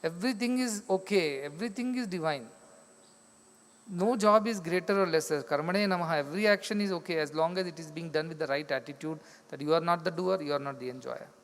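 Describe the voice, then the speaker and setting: A man's voice: a little high, brisk. A man with an Indian English accent giving a spiritual discourse, explaining through repetition and acted-out stories. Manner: explains with repetition, acts out quoted voices. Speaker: spiritual teacher. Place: large hall. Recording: long hall reverb.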